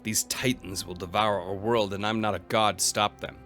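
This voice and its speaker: A man's voice: fairly low pitch, steady tone, moderate pace, a bit bright, faint music behind, lightly acted. A man reading aloud the part of a worried Spartan husband in a solemn, dramatic way. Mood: despairing.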